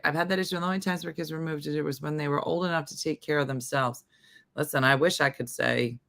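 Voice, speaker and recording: A woman's voice: deep voice, sharp tone. A middle-aged woman hosting a casual live-stream chat, talking loosely and reacting to viewer comments. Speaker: host.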